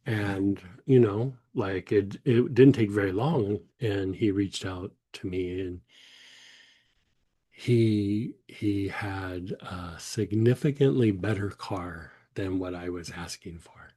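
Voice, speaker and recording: Man, husky low voice, rambling storyteller, restarts often, acts out dialogue. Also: takes it slowly. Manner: rambling, many restarts, animated retelling of dialogue. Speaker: host. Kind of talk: casual personal storytelling.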